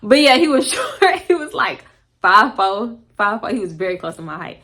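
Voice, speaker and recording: A young woman with a Houston, Texas accent telling a story to camera, blunt and animated, swearing freely and acting out what people said. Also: mid-range voice, moderate pace. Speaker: storytime vlogger.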